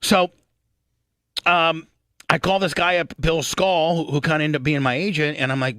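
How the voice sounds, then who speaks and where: A man in his fifties hosting a radio talk show, telling a rambling, profane story and clearing his throat often. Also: a little high, fairly even intonation, normal speed, long pauses, a bit bright, no room sound, studio quality.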